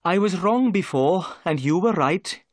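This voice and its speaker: A man's voice: high voice, big pitch swings, measured pace, dry recording, studio quality, pitched above the performer's own voice, full character voice. A man voicing a polite, apologetic middle-aged police inspector in a raised voice, read as a story. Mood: humble.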